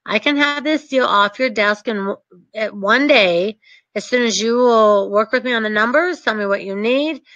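Bright, emphatic female short sale coach. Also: fairly high pitch, no echo. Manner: brisk, emphatic, confident. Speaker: real estate investor and short sale coach. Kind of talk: teaching talk with acted examples. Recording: dull lo-fi dry recording.

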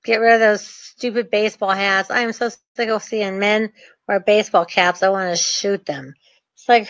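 A woman's voice: medium pitch, unhurried, a bit bright, no echo. A woman coaching real estate investors in a chatty, ranting way with sarcastic asides. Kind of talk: energetic coaching talk. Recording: dull, dry lo-fi recording.

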